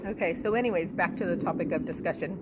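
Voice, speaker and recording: A woman's voice: lowish voice, quick pace, noisy background. A woman hosting a casual chat about parenting, telling stories bluntly, with frequent laughter and salty language. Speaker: host, mother.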